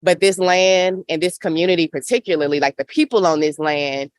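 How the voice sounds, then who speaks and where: A woman in her thirties from Memphis, Tennessee, speaks passionately with a Southern accent and a rhythmic, preacher-like cadence during a panel in an outdoor hoop house on a farm. Her voice is lowish and a little fast, with no echo.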